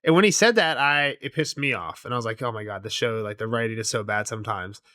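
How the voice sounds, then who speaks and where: A man's voice: medium pitch, quick pace, dry recording, clean studio sound. A young man co-hosting a podcast, casually recapping a TV episode, acting out character lines and laughing often. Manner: animated retelling, quoting characters, laughing often. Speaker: podcast co-host.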